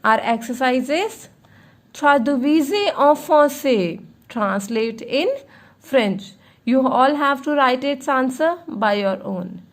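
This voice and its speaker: A woman teaching a beginner French lesson, speaking slowly and patiently and repeating each word. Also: sits high, animated.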